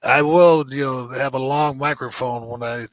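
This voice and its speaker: A man's voice: mid-range voice, flat delivery, normal speed, a bit bright, poor audio. An older man hosting a casual basketball chat, telling rambling stories that he peppers with "you know.". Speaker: host.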